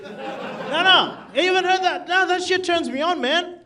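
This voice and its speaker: A man's voice: extremely high pitch, unhurried. A male stand-up comedian doing a crude, brash set in a comedy club, laughing at his own jokes. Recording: distant stage mic, loud crowd. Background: audience laughter.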